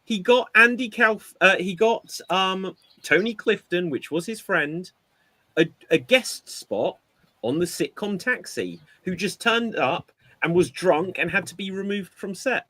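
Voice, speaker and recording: A man co-hosting a casual podcast chat, telling an animated story and acting out quotes. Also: high voice, unhurried, no echo. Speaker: podcast co-host.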